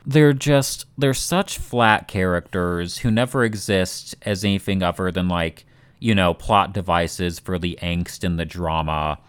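Slow-talking smooth-voiced man, blunt. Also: deep voice, no echo. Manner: blunt, swears freely, rambling asides. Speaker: podcast co-host. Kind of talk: casual critical chat.

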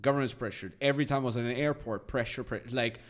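A man in his thirties, from Austria, telling stories as a podcast guest in a lively, chatty way and acting out the voices of people in them. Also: mid-range voice, fast. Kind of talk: casual storytelling.

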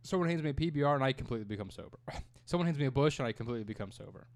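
A man's voice: mid-range voice, expressive, rapid-fire. A man co-hosting a podcast in casual chat, joking and swearing as he rambles. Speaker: podcast co-host.

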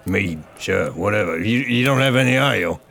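A man's voice: on the low side, expressive, moderate pace, vocal fry, fairly bright tone. A man playing in a tabletop game, joking and sarcastic. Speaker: player. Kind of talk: casual tabletop play.

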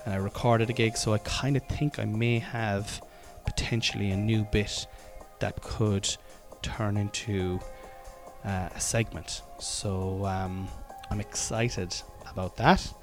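A man with a Cork Irish accent talks at his podcast mic in a casual, rambling way, self-mocking and peppered with ums and restarts. His voice sits a little on the low side, and faint music hums underneath. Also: little pitch movement, takes it slowly. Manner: chatty, self-deprecating, full of fillers and restarts. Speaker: comedian and podcast host.

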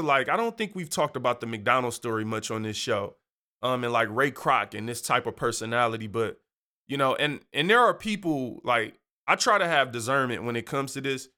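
A man hosting a show, telling a story in a casual, animated, slangy way and laughing often. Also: medium pitch, fairly quick. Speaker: podcast host.

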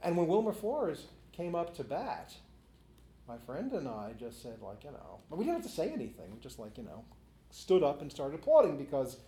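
A middle-aged man telling stories in a chatty, rambling way. He laughs often and fills his sentences with asides as he speaks. His voice is mellow and dark, heard in a roomy, echoing space. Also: on the high side, huge pitch swings, normal speed, slight background noise. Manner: chatty, laughs often, many "you know" fillers. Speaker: author and interview guest. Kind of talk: casual anecdotal storytelling. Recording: roomy echo.

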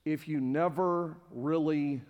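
Guy pastor preaching, high-ish voice, gets loud and fired up, big echoey church, quiet music under it. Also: steady tone, slow pace, highs cut off. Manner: impassioned, repetitive preaching that builds to near-shouting. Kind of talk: sermon. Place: church sanctuary with live congregation. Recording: long hall reverb with faint music.

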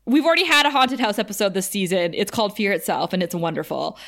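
A woman co-host chatting loosely about a TV episode. She breaks into giggles often and swears with relish, and her talk is quick and unguarded. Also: mid-range voice, fairly bright tone. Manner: giggly and profane, laughs often. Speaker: podcast co-host. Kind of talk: casual chat recapping a TV episode.

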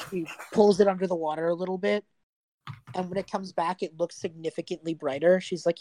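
A woman's voice: on the low side, steady tone, fast talker, dark tone, no room sound. A young adult woman narrating a tabletop game as game master in a casual, rambling way with many fillers.

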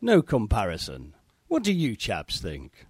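A man delivers a prepared message in a measured, articulate way, his pitch sweeping widely from phrase to phrase. The recording is dry and close. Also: wildly swooping pitch, darkish tone, husky, dry recording. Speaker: listener sending voice feedback.

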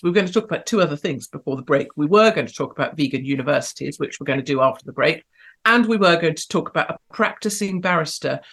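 A woman hosting an online show, giving provocative, sarcastic commentary and talking to her live chat. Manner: provocative, sarcastic, big swings in pitch and loudness.

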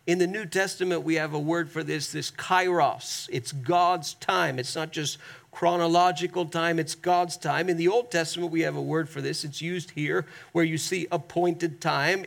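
A man delivers a sermon with a raised, gravelly voice. He leans hard on key words and slows down to stretch them. He pauses to ask the congregation to say a word back with him. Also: on the high side, fairly bright tone. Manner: emphatic, drawn-out stresses, asks the congregation to repeat. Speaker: pastor.

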